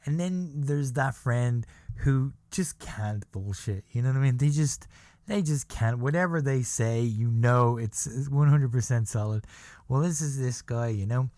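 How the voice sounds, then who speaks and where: A man's voice: mid-range voice, mellow, no echo. Rambling man telling a work story. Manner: rambling, halting, laughs at his own story. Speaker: podcast host. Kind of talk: casual storytelling monologue.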